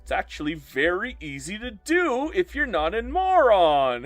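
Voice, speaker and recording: A man's voice: sits high, huge pitch swings, unhurried, no echo, soft background music. A man live-streaming a strategy game and bantering playfully with his chat as he reads their messages aloud.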